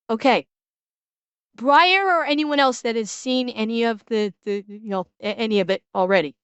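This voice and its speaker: Blunt, smooth-voiced woman streamer. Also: on the high side, no echo. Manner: blunt, swears freely, frequent restarts. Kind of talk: casual stream reaction.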